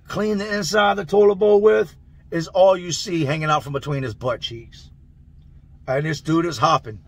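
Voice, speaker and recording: Gravelly, husky man telling a story. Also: high voice. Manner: loose, slangy, animated, laughs through the tale. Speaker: channel host telling prison stories. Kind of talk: casual storytelling.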